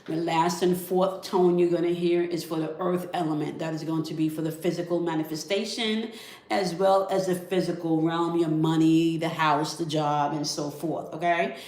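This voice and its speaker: A woman leading a guided spiritual energy check-in, calm and coaxing, who often ends her phrases with "okay?". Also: low voice, moderate pace. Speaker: spiritual reader. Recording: echoey room.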